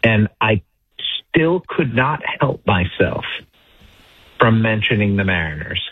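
A man's voice: fairly low pitch, very animated, slow, long pauses, breathy edge, no echo, narrow, tinny audio. A man talking baseball as a guest on a sports radio show, self-deprecating and packed with statistics, restarting his sentences often. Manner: self-deprecating, stat-heavy, frequent restarts. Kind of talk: casual sports radio chat.

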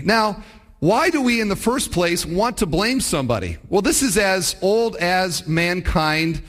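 A man's voice: high voice, expressive, measured pace, fairly bright tone. A man preaching a sermon in a conversational way, asking rhetorical questions as he teaches. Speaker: pastor.

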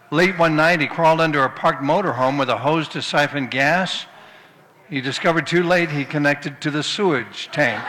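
A man's voice: fairly high pitch, sharp tone. A man preaching a sermon, telling folksy humorous anecdotes before turning to scripture. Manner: storytelling, folksy, with occasional restarts. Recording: long hall reverb.

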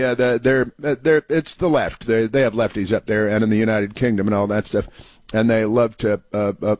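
Sarcastic halting man in a dry close recording. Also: mid-range voice, no echo. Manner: mocking, halting with many fillers and restarts, reads headlines aloud. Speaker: commentary show host. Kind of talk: sarcastic political commentary monologue.

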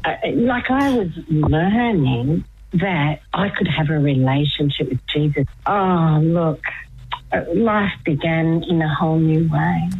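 An older woman telling her story as a radio guest, animated and laughing often. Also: low-pitched, slow, husky, phone-quality sound. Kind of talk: casual phone-in chat.

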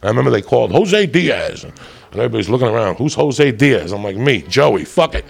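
A middle-aged man telling a profane, rowdy stand-up story, loud and rambunctious, with a gravelly voice. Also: big pitch swings, fairly quick. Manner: loud, profane, rambunctious, swings into high shouts. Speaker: stand-up comedian. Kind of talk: stand-up storytelling to a live audience.

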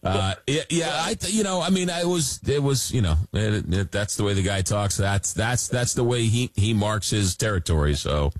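A man's voice: lowish voice, lively intonation, no echo. A middle-aged man hosting a late-night call-in radio show, reading listener messages and stumbling over fillers. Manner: reads listener messages, halting with many fillers. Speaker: radio talk show host. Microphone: studio mic.

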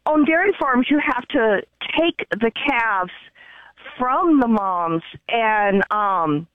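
A woman tells a story over the phone, chatty and emotional, with plenty of ums and false starts. Her voice sits fairly high. The line sounds dry and dull. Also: expressive, takes it slowly, dry recording. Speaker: caller.

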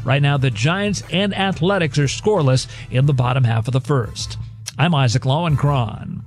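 A man reading a scripted sports news update in a crisp newsreader manner. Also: mid-range voice, moderate pace, soft background music.

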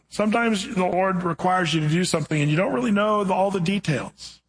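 Husky-voiced man preaching conversationally. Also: high-pitched, brisk, hardly any pauses, poor audio. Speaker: pastor. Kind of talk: sermon.

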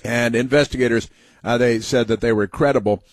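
A man's voice: medium pitch, fairly even intonation, a little fast, dry recording. A man hosting a talk show, giving an indignant, sarcastic political monologue full of "uh" fillers.

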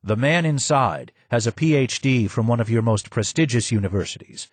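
A man's voice: medium pitch, lively intonation, normal speed, breathy edge, no echo. A man voicing a courteous, formal male guide who speaks politely and earnestly.

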